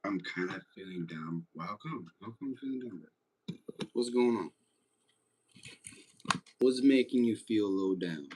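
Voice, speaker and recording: Deep-voiced guy just chillin on stream, talks slow and joking with chat. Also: lively intonation, dark tone. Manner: laid-back, joking, reads chat aloud. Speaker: streamer chatting with viewers. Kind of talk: casual livestream chat.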